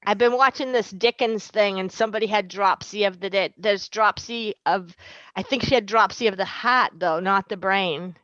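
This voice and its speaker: A chatty woman nurse talks her guesses through out loud in an easy, casual way. Her voice comes through slightly dull and muffled, but dry, with no room around it. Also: mid-range voice, moderate pace, no room sound. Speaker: school nurse guest. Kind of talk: casual podcast chat.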